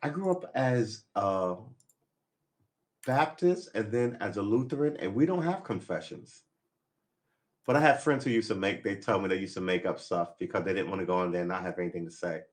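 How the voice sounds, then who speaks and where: A man's voice: fairly low pitch, normal speed. A man chatting casually on a live stream, rambling and making wry jokes.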